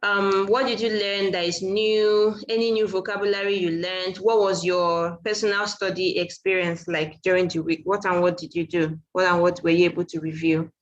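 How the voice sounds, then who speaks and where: A woman's voice: on the low side, flat delivery, moderate pace, hardly any pauses, dull audio. A woman teaching French over a video call, encouraging and repeating her questions. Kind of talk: online class teaching.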